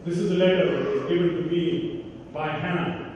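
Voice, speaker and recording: A man voicing a gentle old man who speaks softly and wistfully. His lines come from far off in a roomy hall with a long echo. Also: high voice, flat delivery, normal speed, a little hiss or hum, natural voice. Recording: echoey hall from far, dull sound.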